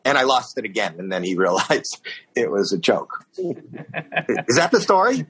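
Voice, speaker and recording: Husky man telling a lively anecdote. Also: medium pitch, measured pace. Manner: animated storyteller, acts out voices and shouts. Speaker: guest telling a story. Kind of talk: casual anecdote.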